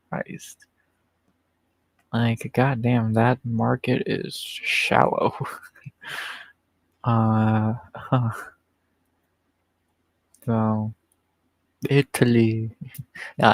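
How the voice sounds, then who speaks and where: A man's voice: medium pitch, steady tone, extremely slow, creaky, pauses often, no echo, low-quality recording. A man hosting a livestream in casual, profane, rambling chat, chuckling often. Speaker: livestream host.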